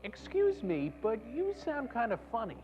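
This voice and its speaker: A woman's voice: a little high, huge pitch swings, moderate pace, dark tone, dull audio, faint music behind. A woman host acting bewildered and prim in a comedy sketch.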